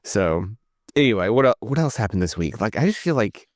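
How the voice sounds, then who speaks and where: Low-voiced man co-hosting a chatty podcast. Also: sing-song, a little fast, dry recording, studio quality. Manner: rambling, full of "like" and restarts. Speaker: podcast co-host. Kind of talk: casual chat.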